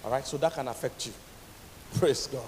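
A man with a Nigerian accent preaching a sermon as pastor, with lively, emphatic delivery and questions thrown out to the congregation. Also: medium pitch, fairly quick, big-room sound, slight background noise.

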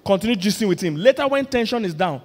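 A male pastor, preaching a lively, humorous sermon that builds to loud emphatic points. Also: sits high, fast talker. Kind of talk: sermon on marriage. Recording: long reverb of a large hall.

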